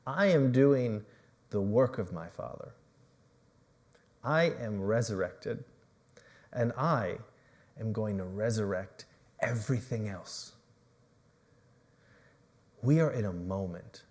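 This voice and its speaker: A pastor voicing a calm, tender male teacher who earnestly invites a friend to join him. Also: fairly low pitch, slow, long pauses, voice pushed down. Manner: soft, earnest, pleading.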